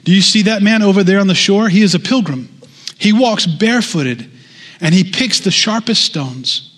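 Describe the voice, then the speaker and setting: A preacher reading as an old, earnest pearl diver. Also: male voice, a little high, moderate pace, fairly bright tone, big-room sound. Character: old male pearl diver, calm and devout.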